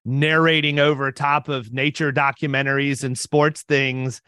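A man's voice: mid-range voice, level tone, a little slow, pushed and bright, clear, resonant tone, no room sound, studio quality. A man in his fifties hosting a podcast, talking in a loose, rambling way with many restarts. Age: 50s. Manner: talkative, rambling with frequent restarts. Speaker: podcast host. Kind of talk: casual interview chat.

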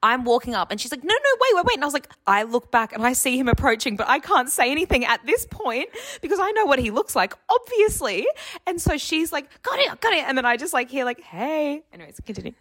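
A woman's voice: high voice, expressive, brisk, a bit bright. A young woman, chatting casually and playfully as a host, peppering her talk with "like". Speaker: podcast host and date organizer. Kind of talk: casual chat.

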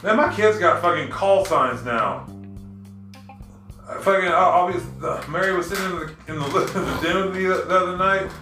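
Casual host, a man with a high bright voice, swears a lot and tells animated stories in an echoey room. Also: moderate pace, soft background music. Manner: profane, animated storyteller. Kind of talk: casual chat.

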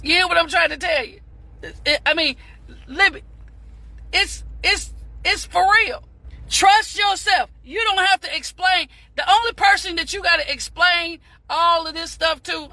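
A woman giving an impassioned motivational talk on a live stream, repeating phrases and breaking into shouts. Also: very high-pitched, lively intonation, unhurried, vocal fry. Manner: fervent, preachy, repeats phrases, bursts into shouts; addresses viewers as "beautiful people".

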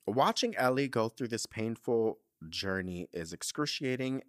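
A man's voice: fairly low pitch, a bit bright, no echo, clean studio sound. A man hosting a podcast, reading out a listener letter and reacting with emotional, dramatic asides. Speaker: podcast host.

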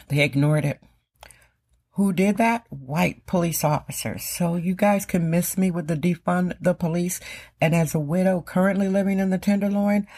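Here the Wisconsin podcast host, a middle-aged woman, speaks with a fairly low, slightly mellow voice. Her casual monologue is emphatic, with phrases repeated to drive points home.

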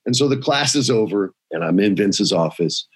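A man in his forties, a guest on a podcast, telling stories in an animated way and laughing often. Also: normal speed, breathy edge. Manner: animated storyteller, drops low for quoted voices, laughs often. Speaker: podcast guest, actor and former wrestling writer. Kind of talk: casual storytelling.

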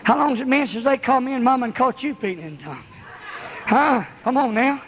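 Male revival preacher, very high-pitched, shouts chanted repetitions, church with long reverb. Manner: shouted, rhythmic repeated exhortations. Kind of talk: fiery revival sermon.

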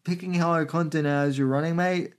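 A man hosting a political commentary podcast, talking in a halting way with many fillers. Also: on the high side, steady tone. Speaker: podcast host.

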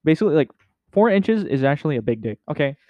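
A man's voice: a little high, very animated, fast, dry recording. Young man playing a smug mock pundit. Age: young adult. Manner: smug, keeps tacking on "okay?". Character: mock-pompous male conservative pundit. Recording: dull lo-fi audio.

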